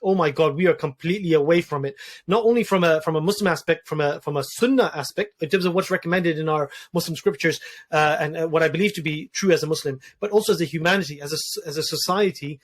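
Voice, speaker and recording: A man in his thirties talking earnestly about personal grief in a conversation, often restarting and repeating words. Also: fairly high pitch. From Wales. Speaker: podcast guest, doctor.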